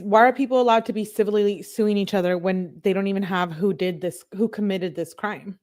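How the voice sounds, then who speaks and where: A woman's voice: mid-range voice, a little mellow. Outraged woman ranting on a livestream. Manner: outraged, rapid, swearing, rhetorical questions. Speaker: livestream host. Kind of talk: live reaction commentary.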